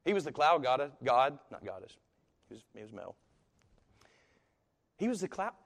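Animated man preaching in an echoey hall. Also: medium pitch, moderate pace, vocal fry. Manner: conversational, animated storytelling with asides and laughs. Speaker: pastor. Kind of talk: sermon.

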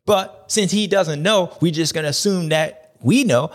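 A man with a slightly high voice talks at normal speed. As host of a supercross race recap show, he riffs casually and with animation, leaning on playful slang and catchphrases he keeps repeating.

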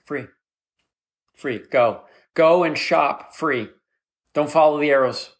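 A male comedian rambles through a solo podcast monologue with a voice pitched a bit above the usual for a man. He tells his story in an animated, mock-rallying way and jumps into a squeaky high voice when he quotes people. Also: measured pace.

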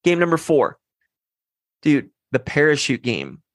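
A man's voice: on the high side, unhurried, dry recording. A man in his thirties hosting a parenting podcast, talking casually and animatedly, telling stories about his kids. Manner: animated, storytelling, quotes his kids in a lighter voice.

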